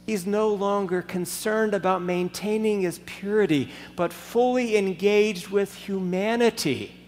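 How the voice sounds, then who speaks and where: A man's voice: sits high, darkish tone. Man preaching in an echoing hall. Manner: emphatic, slow deliberate delivery with storytelling. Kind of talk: sermon. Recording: long hall reverb, faint background noise.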